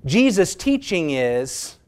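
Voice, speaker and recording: Emphatic preacher with a slightly high voice. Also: male voice, big pitch swings, darkish tone. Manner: emphatic, stretches key words slowly and rises in pitch for stress; asks the congregation rhetorical questions. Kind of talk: sermon.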